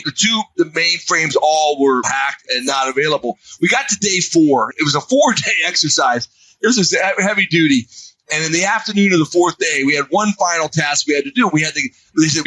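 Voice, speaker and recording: Animated, bright-voiced man telling stories. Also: fairly high pitch, dry recording, rough recording. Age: 50s. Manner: animated storyteller who acts out quoted voices. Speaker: guest security expert. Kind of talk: casual interview storytelling.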